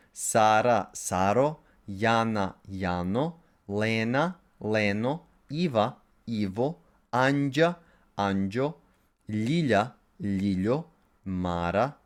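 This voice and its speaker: A man teaching a language lesson, methodically going through word pairs with short asides. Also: lowish voice. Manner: methodical, lists words in pairs with brief asides.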